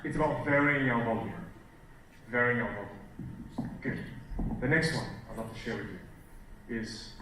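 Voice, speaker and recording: A man coaching a live seminar audience from a stage, animated, shifting his volume and pace for emphasis. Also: medium pitch, measured pace, pauses often. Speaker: communication coach. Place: stage in a large hall. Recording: very echoey hall, distant mic, faint hiss.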